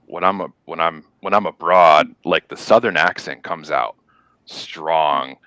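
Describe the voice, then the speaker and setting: A man from the American South with a very low, smooth and resonant voice, chatting casually. He stops and restarts his sentences. The sound is dry and close. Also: a little slow, bright, forceful tone, no room sound. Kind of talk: casual chat.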